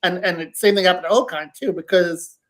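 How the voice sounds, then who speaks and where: A man, a sports reporter on a panel, speaking casually in a halting way with many restarts. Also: high voice, fairly bright tone.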